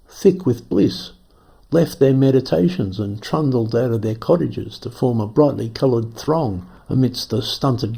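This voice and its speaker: A male storyteller with a heavily gravelly, husky voice, reading a short story with wry, dry humour. His tone is dark and mellow, and he reads at an even, unhurried pace. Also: medium pitch. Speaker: narrator. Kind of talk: scripted storytelling.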